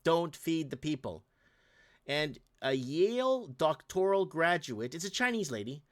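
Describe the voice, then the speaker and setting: A man's voice: a little high, big pitch swings, unhurried. A man hosting a show, giving casual, ranting commentary over video clips and talking straight to viewers. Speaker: host.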